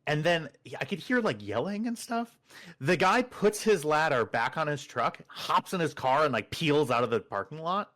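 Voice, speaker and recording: A man's voice: on the high side, moderate pace. A man chatting casually before a tabletop game, telling a story and acting out what other people said. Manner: animated storyteller, acts out other people's lines. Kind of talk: casual pre-game banter.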